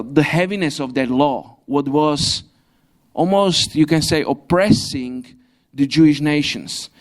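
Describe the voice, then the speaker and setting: A young man preaching a sermon in a church, pausing and restarting often, with grammar and the odd light laugh. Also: a little high, clean tone. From Slovakia. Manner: halting, frequent restarts, non-native grammar, light laughs. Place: church hall.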